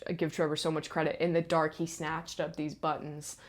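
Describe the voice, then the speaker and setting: Chatty woman with a lowish voice. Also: brisk. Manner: chatty, animated, frequent asides. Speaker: stage manager. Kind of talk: casual storytelling to camera.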